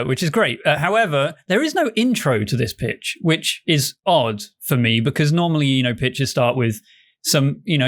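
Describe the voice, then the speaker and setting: A man with a fairly high voice hosts a relaxed podcast conversation. He talks wryly, cracking jokes as he reads a submitted pitch aloud. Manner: wry, joking, reads aloud from a script. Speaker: podcast host. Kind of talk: casual podcast chat.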